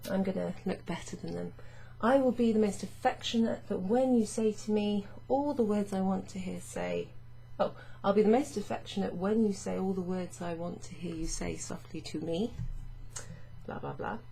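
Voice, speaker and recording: A woman teaching French grammar in a patient, chatty way, reading French phrases slowly and explaining them. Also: mid-range voice, vocal fry, dark tone, slight background noise. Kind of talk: casual explanatory lesson.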